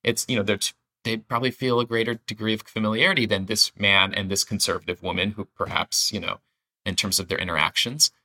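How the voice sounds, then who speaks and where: A man's voice: fairly low pitch, fairly even intonation, fast talker, pushed and bright. A man co-hosting a language lesson, explaining phrases enthusiastically in a casual teaching chat, thinking aloud with restarts.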